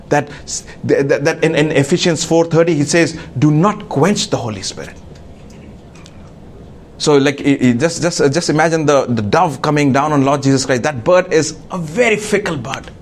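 A man preaching a sermon to a congregation, halting with many fillers and restarts. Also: on the high side, a little hiss or hum. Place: church.

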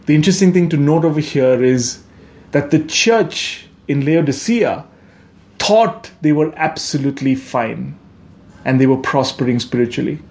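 A man's voice: fairly high pitch, lively intonation, moderate pace, a little mellow. A man preaching a sermon in a conversational way, often checking in with "right?" and correcting himself. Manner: conversational, frequent "right?" asides, self-corrections. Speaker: pastor.

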